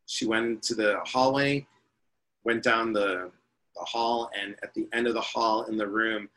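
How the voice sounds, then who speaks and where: A man's voice: lowish voice, fairly even intonation, a little slow, pushed and bright, low-quality recording. A man in his fifties, a spiritual teacher and interview guest, telling his life story in a chatty, rambling way. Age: 50s.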